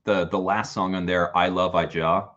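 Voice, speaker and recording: A man's voice: sits low, little pitch movement, normal speed, fairly bright tone, lo-fi sound. A man appearing as a guest on a casual chat stream, rambling along with many "like" and "uh" fillers. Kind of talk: casual conversation.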